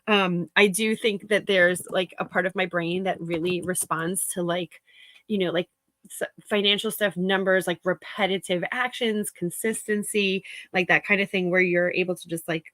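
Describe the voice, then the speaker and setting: A woman's voice: fairly low pitch, fairly even intonation, normal speed, a bit bright, no room sound, low-quality recording. Chatty, giggly woman, dry sound. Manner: chatty and giggly, many fillers, greets viewers by name. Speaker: reseller chatting with livestream viewers. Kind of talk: casual livestream chat while working.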